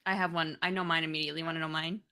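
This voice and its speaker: Woman, 30s, podcast co-host, casual live chat, animated, laughs a lot. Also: low-pitched, rapid-fire, smooth. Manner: animated, laughs often, breaks into movie impressions.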